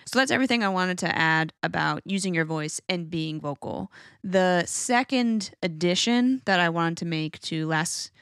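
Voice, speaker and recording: A woman's voice: on the low side, normal speed, a bit bright, smooth, dry recording, studio quality. A woman dog-training coach hosting her podcast, talking in a casual, candid way with the odd swear word.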